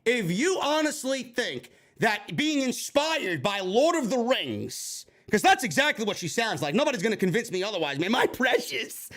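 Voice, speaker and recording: A man's voice: high-pitched, big pitch swings, moderate pace, few pauses, a bit bright. A man reviewing a wrestling show in an angry, sarcastic rant full of swearing. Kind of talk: profane ranting show review.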